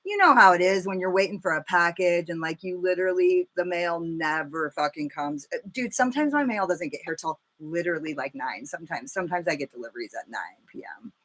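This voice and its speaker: A woman in her thirties chatting casually and cursing freely as she does her makeup live for viewers, telling stories with animated energy. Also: on the low side, fairly quick, few pauses. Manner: chatty, profane, animated storytelling. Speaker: makeup vlogger.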